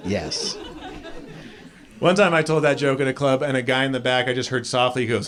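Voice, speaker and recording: A man's voice: mid-range voice, slow pace, pauses often, a loud crowd. A man performing stand-up comedy on a club stage, telling stories and acting out characters in a raised voice. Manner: animated storytelling, acts out characters with raised voice. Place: comedy club stage before a live audience. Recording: live club audience laughter.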